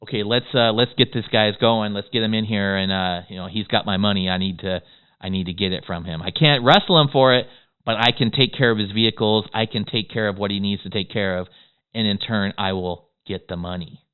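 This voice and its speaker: A man giving a motivational business course lecture. He talks fast and excitably and keeps checking in with "okay?". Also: fairly low pitch, clear, resonant tone. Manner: fast-talking, excitable, peppers lines with "okay?". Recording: tinny phone-like audio.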